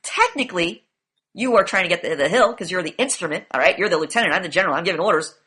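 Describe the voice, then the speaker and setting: A woman's voice: on the low side, expressive, rapid-fire, bright, forceful tone, slightly rough. A woman teaching a class, lecturing with emphatic, profane rhetorical questions. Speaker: class instructor.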